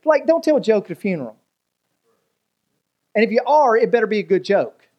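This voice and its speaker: A man's voice: high voice, big pitch swings, a little fast, highs cut off. Male pastor, humorous sermon storyteller who acts out the voices in his stories.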